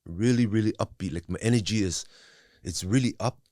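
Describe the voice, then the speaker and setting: On a studio recording with no room sound, a man with a lowish, dark voice talks fairly quickly. He's a guest on a podcast, openly reflecting on his past and recovery in conversation, restarting often and leaning on "you know what I mean."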